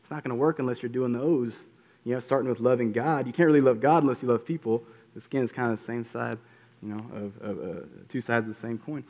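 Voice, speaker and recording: A man's voice: medium pitch, fast talker, darkish tone. A man, a pastor giving a casual, conversational sermon full of fillers and restarts. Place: church hall. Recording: long hall reverb.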